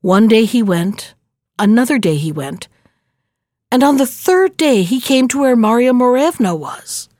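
A woman reading a fairy tale aloud in a slow, measured narrating voice. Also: on the high side, sing-song, a little mellow, dry recording, clean studio sound. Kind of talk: storybook reading.

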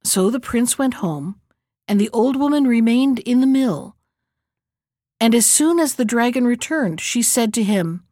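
Woman calmly reading a fairy tale. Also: fairly high pitch, a little slow, no room sound, studio quality. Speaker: storyteller.

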